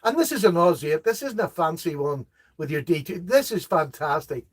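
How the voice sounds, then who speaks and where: Middle-aged man, high-pitched, casual live-stream host, reads comments out and chuckles at the jokes. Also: lively intonation, normal speed. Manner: chatty, laughs at jokes, reads viewer comments aloud. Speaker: host of a live knife chat.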